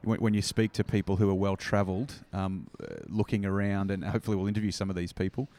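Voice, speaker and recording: A man's voice: deep voice, fairly even intonation, quick pace, warm tone. A man with an Australian accent co-hosting a podcast, upbeat and joking as he chats and interviews. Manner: upbeat, jokey, enthusiastic. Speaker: podcast co-host.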